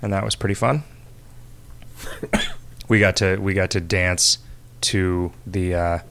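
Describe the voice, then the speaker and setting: A man with a deep, low voice chats casually on a podcast. He rambles, trails off and laughs often at crude jokes. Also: fairly even intonation, slow, creaky, a bit bright, a little hiss or hum. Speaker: podcast co-host.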